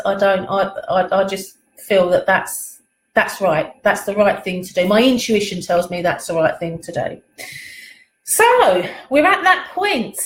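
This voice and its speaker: A woman's voice: mid-range voice, echoey room, a little hiss or hum, poor audio. A woman hosting a live pendulum reading at home, chatting casually and rambling, reading out viewer comments and laughing often. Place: at home, in a living room.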